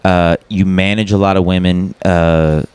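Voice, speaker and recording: A man with a fairly low voice co-hosting a casual comedy podcast. He rambles loosely, drops curse words and laughs a lot as he talks. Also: fairly even intonation, unhurried, a little mellow, smooth, dry recording. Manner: rambling, swearing, frequent laughter. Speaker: podcast co-host.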